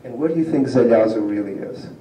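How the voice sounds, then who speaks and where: With a warm, mid-range voice and a quick pace, a man lectures on linguistics to a community audience. The recording comes from a distance in a roomy hall with slight background noise, and he explains patiently, asks listeners questions, and laughs softly often.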